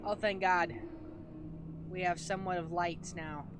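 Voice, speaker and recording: A man's voice: high voice, steady tone, unhurried, background noise. A man playing a horror game and commenting nervously, swearing and laughing as he goes. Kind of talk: let's play commentary, reading game text aloud.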